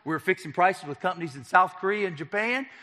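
Man, bright forceful voice, slightly high, animated storytelling, long hall reverb. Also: fast talker. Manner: animated storyteller acting out dialogue. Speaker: speaker telling his life story. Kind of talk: personal testimony talk.

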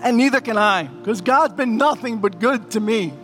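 A man's voice: high voice, moderate pace, a bit bright, faint music behind. A middle-aged man, a pastor, preaching an emotional sermon and telling a personal story, calling his listeners family.

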